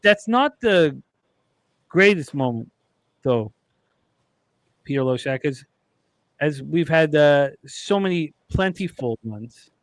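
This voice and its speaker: Guy with a high voice rambling thru a story, swears a lot, dry close sound. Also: animated, takes it slowly, long pauses, dry recording. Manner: rambling, profane, laughs while telling stories. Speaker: podcast co-host. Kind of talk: casual storytelling chat.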